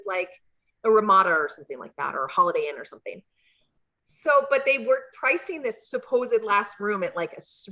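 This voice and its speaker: A woman, a former wrestler interviewed as a guest, telling a casual story full of fillers and bursts of laughter. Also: medium pitch. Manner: chatty, animated, frequent fillers and laughs.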